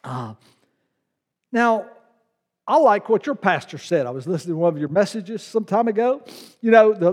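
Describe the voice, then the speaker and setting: A man preaches to his congregation, his high voice rising and falling in lively swings. He moves from loud declarations to soft asides, and his words ring out in the long reverb of a large church sanctuary. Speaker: guest preacher. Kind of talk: sermon.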